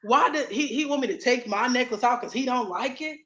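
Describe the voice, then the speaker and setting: A young woman co-host tells a story in casual chat, bright and forceful in tone, laughing as she goes. Her voice rings in a roomy, echoey space. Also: on the high side, brisk, lo-fi sound. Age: young adult. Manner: animated, laughing storyteller with restarts.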